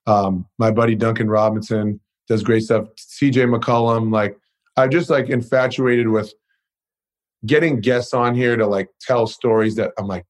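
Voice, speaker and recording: A man's voice: lowish voice, fairly even intonation, a little slow. A young man guesting on a podcast, chatting loosely and profanely, with plenty of "you know" and "like". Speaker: guest, pro basketball player. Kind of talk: casual interview chat.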